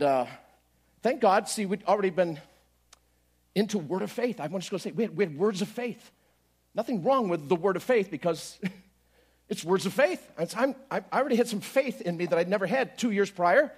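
A middle-aged male pastor preaching a story-filled sermon, swinging from quiet asides to loud bursts as he acts out his own prayers. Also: sits high.

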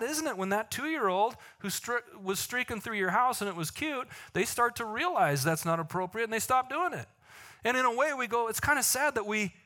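A male pastor delivering a sermon with a bright, forceful tone and a voice pitched a bit high. He jokes with the congregation, then slows right down to stress a point. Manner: animated, joking asides, slows for emphasis.

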